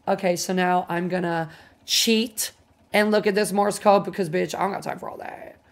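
A woman streamer chatting casually while gaming, excitable, swearing freely and gushing thanks to her viewers. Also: fairly low pitch, normal speed. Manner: excitable, swears a lot, gushes over viewers. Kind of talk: casual game livestream chatter.

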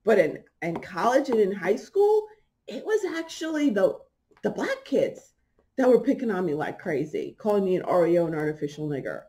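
Telling a personal story on her podcast, this middle-aged host keeps it casual, laughs a lot, and performs the voices of those she quotes. She has a warm, mid-range voice, very animated, at a moderate pace.

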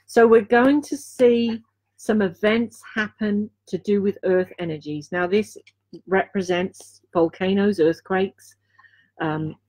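A woman from Dorset, England, gives a live intuitive card reading in a mid-range voice. She speaks earnestly, returning again and again to key phrases and pausing on fillers as she feels her way through the reading. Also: mid-range voice, a little mellow. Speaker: intuitive reader and healer.

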